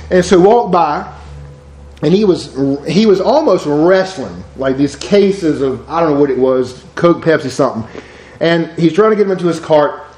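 A man's voice: a little high, darkish tone, echoey room, rough recording. A man preaching a sermon in a folksy, digressive way, telling everyday stories between Bible verses. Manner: folksy, digressive storytelling with y'all and ain't. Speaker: pastor.

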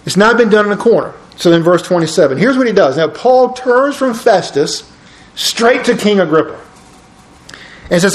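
A man leads a Bible study lesson with a somewhat high voice and a lively, conversational delivery. He mixes explanation with casual, joking asides. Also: normal speed, roomy sound. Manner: animated, conversational, jokey asides.

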